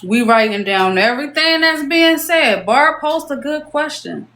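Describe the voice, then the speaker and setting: A woman's voice: high voice, lively intonation, a little slow, a bit bright, echoey room. Woman hosting a messy live-stream chat. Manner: reads out viewer comments, playful. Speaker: show host.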